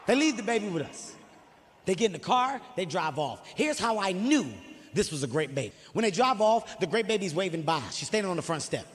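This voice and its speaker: Brief: male stand-up comic, high voice, rapid profane storytelling, live hall reverb. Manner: animated, profane storytelling with acted-out quotes. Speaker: stand-up comedian. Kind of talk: stand-up comedy. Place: theater stage before an audience.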